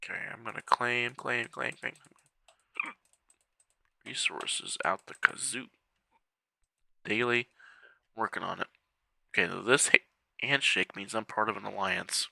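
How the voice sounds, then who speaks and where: A man's voice: on the low side, unhurried, gravelly, long pauses, sharp tone, no room sound. A man giving casual, chatty commentary over a strategy game, muttering to himself as he clicks through menus, with the hiccups. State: has the hiccups. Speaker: game walkthrough creator.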